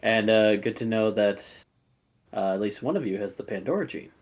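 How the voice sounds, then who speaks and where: A composed telepathic woman, played by a man in a tabletop game, speaks softly and politely. Her voice sits low, close to the player's own. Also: normal speed, lo-fi sound. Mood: calm.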